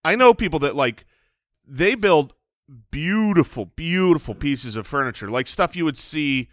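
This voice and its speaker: A man's voice: on the high side, expressive, unhurried, dry recording, clean studio sound. A man co-hosting a casual chat show, rambling and self-deprecating with a joking edge. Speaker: podcast co-host.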